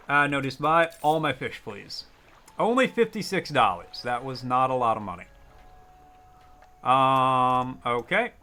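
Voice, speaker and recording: A man's voice: mid-range voice, lively intonation, unhurried, pushed and bright, soft background music. A young man chatting casually while streaming a game, joking, rambling and reacting to chat.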